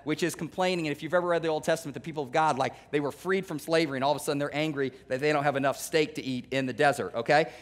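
A male pastor preaching a sermon to his church in a conversational, humorous and emphatic way. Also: fairly high pitch. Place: church sanctuary.

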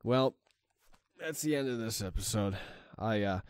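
This let's play comes from a tired young gaming channel host who curses frequently and grumbles as the game frustrates him. He speaks a little slowly in a lowish, clean-toned voice, recorded dry.

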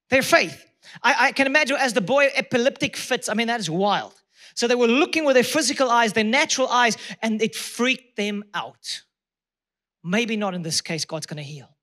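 Male preacher, very high bright voice, repetitive emphatic sermon delivery. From South Africa. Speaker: pastor.

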